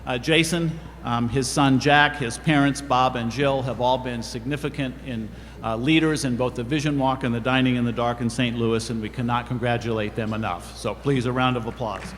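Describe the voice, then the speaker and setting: A man presenting awards at a ceremony, reading the citations in a steady, formal way. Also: mid-range voice, moderate pace. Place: event hall. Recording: reverberant hall, faint room noise.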